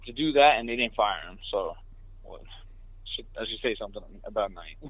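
A man from New York City, a truck driver, telling a story in casual chat with quick laughing asides. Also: lowish voice, husky, no echo. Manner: fast, animated, laughing asides. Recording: dry tinny phone line.

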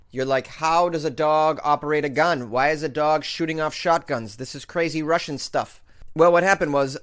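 A man's voice: medium pitch, fairly bright tone. A man hosting a casual comedic news show, reading odd stories aloud and riffing on them with mock outrage. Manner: jokey, reads stories then riffs with mock outrage. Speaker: podcast news host.

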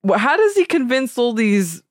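A woman's voice: on the high side, very animated, normal speed, no echo, studio quality. A woman co-hosting a podcast, chatting casually with wry, laughing asides. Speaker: podcast co-host. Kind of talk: casual chat reviewing a film.

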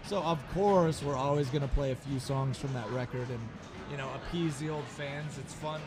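Rambling, swearing American musician. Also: male voice, mid-range voice, moderate pace, over music. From United States. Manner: rambling, frequent swearing, restarts. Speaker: touring band musician, guest. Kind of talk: casual interview chat.

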